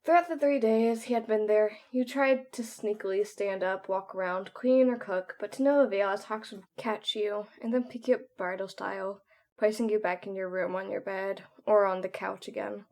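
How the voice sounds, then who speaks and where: A woman's voice: mid-range voice, steady tone, normal speed, a little mellow. A woman narrating a second-person fan story to the listener.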